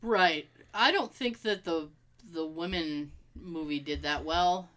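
A woman with a Boston accent co-hosting a podcast in casual chat, giggly and animated, laughing often. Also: low voice, slow. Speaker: podcast co-host.

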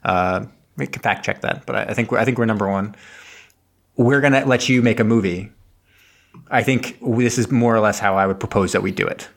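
This co-host's voice sits low and comes out fast and creaky. He's on an internet call from home for a podcast, giving a loose, giggly movie recap full of false starts.

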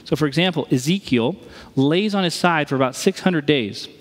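A pastor with a fairly high voice preaches a conversational sermon at normal speed, putting rhetorical questions to his listeners. A long reverb tail trails his words.

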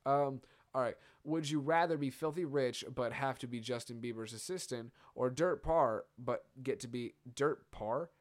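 A man's voice: mid-range voice, moderate pace. Rambling, profane young man. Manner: rambling and profane, many fillers and asides. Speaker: podcast host. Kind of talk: casual solo podcast chat.

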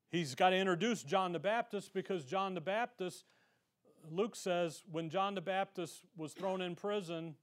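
A man's voice: high voice, fairly bright tone. A man teaching a verse-by-verse Bible lesson, firing off punchy rhetorical questions and reading scripture aloud.

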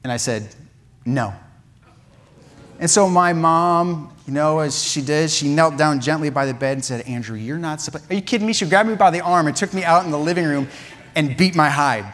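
A man preaching, telling a funny childhood story with lively asides and laughter. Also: on the high side, a little fast. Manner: animated, laughing at his own story. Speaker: pastor. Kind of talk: sermon storytelling. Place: church sanctuary.

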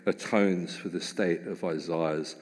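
A man delivers a sermon in a lower voice, reading scripture and then explaining it with earnest, building emphasis. His words ring out with a long reverb, as in a church hall. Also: fairly even intonation, takes it slowly. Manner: earnest, reads scripture aloud then expounds with rising emphasis. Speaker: preacher.

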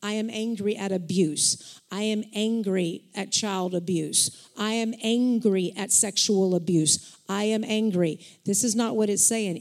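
A woman taking her turn in a sermon, reading verses at a slow, measured pace. Her voice is of middling pitch, and she leans on each phrase with deliberate pauses. Between readings she explains the passage in the same unhurried way. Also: darkish tone.

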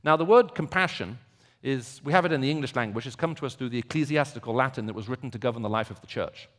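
A man preaching a sermon, moving from quiet reflection to loud, emphatic repetition. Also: mid-range voice, quick pace, in a large hall.

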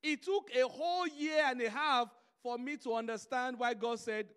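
A man's voice: very high-pitched, steady tone, normal speed, a bit bright, clear, resonant tone. A man preaching a sermon, telling stories and driving his points home through emphatic repetition.

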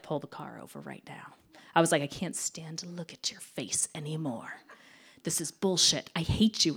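Lively woman telling a personal story. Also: lowish voice. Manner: lively, laughing, acts out quoted lines; drops to a whisper for others' words.

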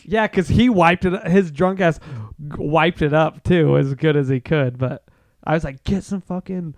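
A man's voice: a little high, a little slow, no room sound. A young man casually retelling a camping story on a podcast, swearing a lot and acting out what others said. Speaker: podcast co-host.

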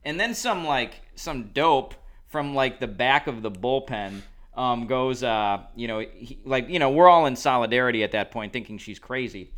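A man's voice: medium pitch, expressive, normal speed, a bit bright. A man co-hosting a podcast, telling a long story in casual chat, rambling with lots of asides. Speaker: podcast co-host.

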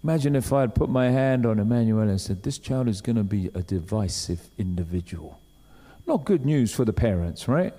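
Conversational preacher in a reverberant hall. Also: male voice, lowish voice, expressive, normal speed, warm tone. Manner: conversational, acts out quoted voices. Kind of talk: sermon.

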